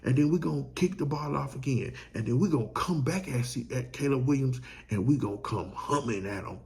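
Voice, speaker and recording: A man's voice: medium pitch, brisk, gravelly, a little mellow. A man hosting a sports show, giving a fired-up fan pep talk full of slang.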